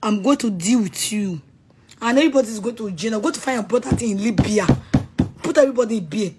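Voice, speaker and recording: A woman's voice: fairly high pitch, quick pace, heavy background noise. A woman with a Nigerian accent in an angry, insulting rant, scolding and threatening someone she speaks to directly. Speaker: person addressing someone directly.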